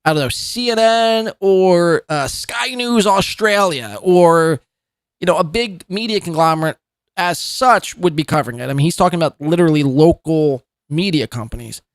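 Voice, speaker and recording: A man's voice: a little high, moderate pace, no echo, studio quality. A male podcast host giving mocking commentary, sarcastic and laughing at what he reacts to.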